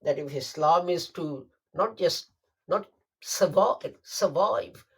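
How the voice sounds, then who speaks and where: A preacher delivers a Friday sermon in an emphatic, deliberate style, repeating phrases for stress. His voice is fairly high-pitched and husky.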